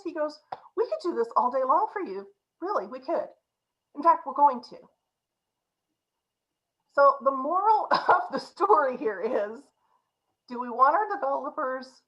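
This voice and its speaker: A woman's voice: fairly high pitch, highs cut off. A woman coaching on agile practice, telling an anecdote in a talk and acting out the people she quotes. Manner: animated storyteller acting out quotes, frequent "right?" and "you know". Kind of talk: conference talk with storytelling.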